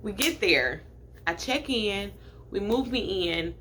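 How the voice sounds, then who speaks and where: A woman in her late twenties from Michigan tells a personal story straight to her viewers. She talks casually, leaning on lots of fillers, at an ordinary pitch. A faint hum of noise sits behind her voice. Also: expressive, slow, bright, forceful tone. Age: late 20s. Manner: chatty, filler-heavy storytelling, addresses viewers directly. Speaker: vlogger. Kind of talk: storytime vlog.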